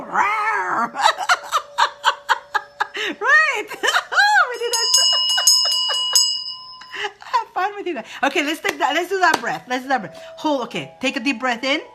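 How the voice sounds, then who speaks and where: A woman's voice: on the high side, pushed and bright. A woman from Egypt hosting a casual spiritual advice talk, playful and laughing often as she leads viewers in roaring breath exercises.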